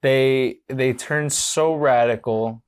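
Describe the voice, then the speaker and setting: A woman's voice: a bass voice, slow pace, darkish tone, clean tone. A young adult woman co-hosting a podcast, chatting bluntly and expressively. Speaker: podcast co-host. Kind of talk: casual chat.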